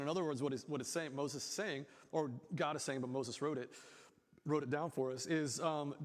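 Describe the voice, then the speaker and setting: A man's voice: on the high side, fairly even intonation, a little fast, big-room sound. A man preaching a sermon as pastor, in a casual, conversational way, acting out quotes in his own voice. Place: church.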